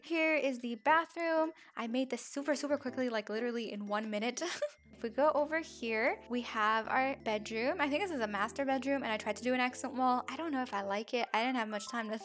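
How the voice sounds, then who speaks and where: Chatty woman with a bright, high voice. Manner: chatty, upbeat, giggly. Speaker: game builder vlogger. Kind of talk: casual game commentary.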